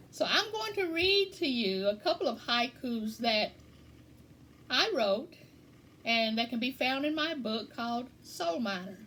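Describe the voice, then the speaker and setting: A woman poetry teacher explaining a writing lesson in an unhurried way, repeating key words with plenty of fillers. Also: high voice, animated, a bit bright, slight background noise. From eastern Kentucky.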